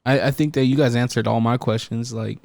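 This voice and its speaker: A man's voice: mid-range voice, fairly even intonation, a little fast, vocal fry, a little mellow, dry recording. A man with a plain, mid-range voice hosts a podcast in a loose, casual way, often filling with "like." He is miked close and dry. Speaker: podcast host.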